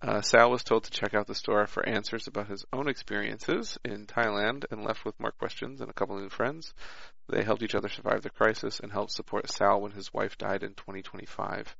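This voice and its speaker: A man reads out his character notes for a tabletop game, stumbling now and then. His voice is heavily gravelly with a bright, forceful edge. The recording is dry and sounds dull and lo-fi. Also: on the low side, fairly even intonation, brisk, hardly any pauses, no room sound. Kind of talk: casual chat, reading character notes aloud.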